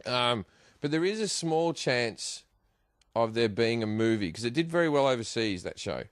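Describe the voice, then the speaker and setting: A man's voice: mid-range voice, lively intonation, normal speed, clear, resonant tone, no room sound, clean studio sound. A man in his forties with an Australian accent, a comedian telling a crude, sweary story in a casual podcast chat. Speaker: comedian guest.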